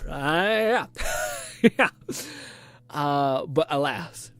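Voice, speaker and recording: A young man streaming, chatting casually with viewers in a rambling, profane way, laughing often and filling pauses with fillers. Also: on the high side, expressive, fairly bright tone.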